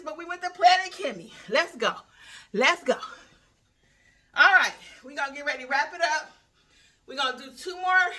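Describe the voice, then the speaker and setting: A woman's voice: high voice, distant mic. Woman fitness vlogger, winded and encouraging, rep-counting, recorded in a small room at home from a few feet off. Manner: upbeat, counts reps out loud, chatty and encouraging. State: winded from exercise. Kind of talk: guided workout instruction.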